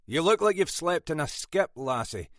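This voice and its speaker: Man voicing a gruff Scottish detective inspector, scolding, dry wit, slightly raised voice, audiobook. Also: fairly high pitch, big pitch swings, normal speed, a bit bright, no echo, voice pushed up. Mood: stern. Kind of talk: audiobook character voice.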